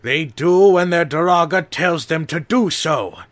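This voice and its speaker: A man's voice: medium pitch, expressive, slow, pushed and bright, no echo, heavily acted. A man voicing a stern old male village elder who speaks sharply and commandingly in an audiobook. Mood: defiant. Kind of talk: audiobook character voice.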